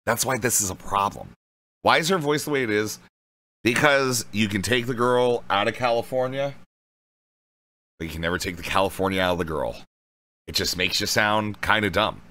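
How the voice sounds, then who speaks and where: A man's voice: low voice, fairly quick, long pauses, sharp tone. A man streaming live, chatting casually to his viewers with loose, profane commentary. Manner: loose, profane, addresses chat directly.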